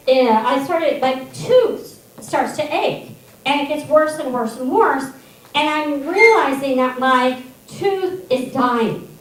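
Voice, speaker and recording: A middle-aged woman telling wry, self-deprecating stand-up stories on a comedy theater stage, picked up from a distance. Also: high-pitched. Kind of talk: stand-up storytelling. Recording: echoey hall from far off.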